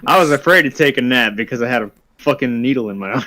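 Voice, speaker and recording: A man's voice: medium pitch, quick pace, pushed and bright. A man chatting casually before a tabletop game, rambling and swearing as he tells a story. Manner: rambling, swears, trails off laughing. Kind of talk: casual chat.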